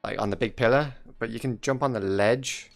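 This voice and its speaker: With a gravelly, medium-pitched voice and a slightly fast delivery, a young mobile gaming YouTuber riffs over his own shooter gameplay on mobile. He's chatty and jokey, laughing often at teammates and enemies, and faint music can be heard in the background.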